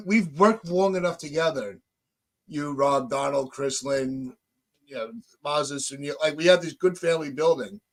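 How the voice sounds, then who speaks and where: This podcast host has a high, slightly bright male voice. Frustrated and profane, he keeps breaking off and restarting sentences as he vents in a heated, casual conversation.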